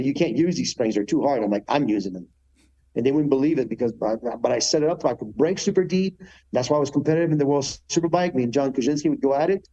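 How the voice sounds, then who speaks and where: A man telling lively stories as a guest in a podcast interview, acting out other people's voices with big jumps in pitch. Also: dull audio. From Canada. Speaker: guest, retired motorcycle racer. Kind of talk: animated storytelling in a podcast interview.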